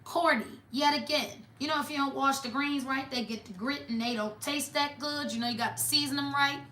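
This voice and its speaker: A woman's voice: sits high, fairly quick, bright, forceful tone, roomy sound, slight background noise. A woman doing a casual tarot reading for viewers, talking in a blunt, mocking, sassy way. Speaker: tarot reader.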